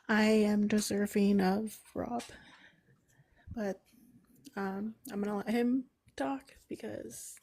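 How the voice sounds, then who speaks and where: Casting: woman co-host, slow and gentle, level tone, slightly higher voice, hesitant. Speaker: panel co-host, host's wife. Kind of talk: casual live chat.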